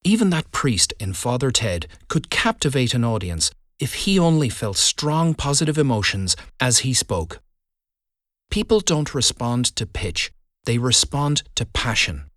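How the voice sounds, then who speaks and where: A man who coaches public speaking, giving a scripted lesson with deliberate stress on key words. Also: medium pitch, big pitch swings, a bit bright, dry recording, clean studio sound. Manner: deliberate, emphatic delivery with stressed keywords. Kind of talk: scripted instructional narration.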